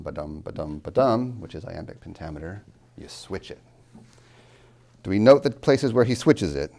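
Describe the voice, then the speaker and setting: Low gravelly male poetry tutor. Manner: animated, tapping out rhythms aloud; asks questions and answers them himself. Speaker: college tutor. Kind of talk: classroom lecture on poetry.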